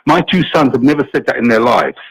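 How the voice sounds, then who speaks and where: A man calling in to a talk radio show, arguing in an animated, impassioned way. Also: mid-range voice, fast, slightly rough, poor audio. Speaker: caller. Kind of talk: call-in talk radio chat.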